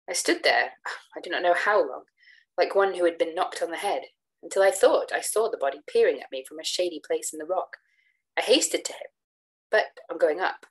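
A woman reading a gothic tale in measured, expressive first-person narration. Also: lowish voice, poor audio. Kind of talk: literary narration read aloud.

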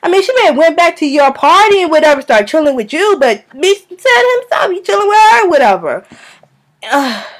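A woman vlogger rants straight to her viewers, sassy and scolding, with plenty of bounce and attitude. Her voice sits high, and she keeps circling back to hammer her point home. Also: big pitch swings, a little fast. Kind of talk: casual rant to camera.

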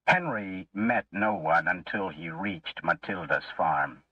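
A low-voiced man reads a story very slowly, his pitch rising and falling with feeling. The recording is dry but dull and lo-fi, as if he sits some way from the mic. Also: slightly rough, dry recording. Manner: slow, expressive reading. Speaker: narrator. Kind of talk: scripted story narration for English learners. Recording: muffled lo-fi, distant mic.

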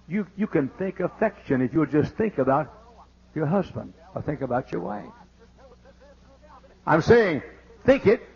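A man preaching a fiery sermon as pastor, exclaiming and shouting praise. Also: high-pitched, husky. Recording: dull lo-fi archive sermon tape.

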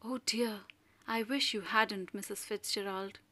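A woman voicing an anxious middle-aged neighbour who speaks nervously in a hushed, whispery voice. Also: on the high side, fairly even intonation, a little slow.

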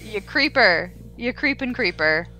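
A woman co-hosting a podcast, chatting casually and teasing with quick reactions of disgust. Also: medium pitch, animated, sharp tone, soft background music. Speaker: podcast co-host. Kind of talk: casual chat.

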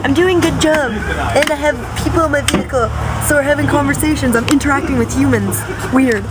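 A woman's voice: high voice, a little fast. Tired, rambling young woman vlogging from a car. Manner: chatty, rambling, self-mocking. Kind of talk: casual rambling vlog. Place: inside a vehicle. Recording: noisy car background.

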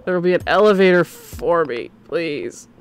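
A man streaming a game, chatting casually and opinionated, swinging between excited outbursts and muttering. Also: fairly high pitch, normal speed, faint music behind. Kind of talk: casual gameplay commentary.

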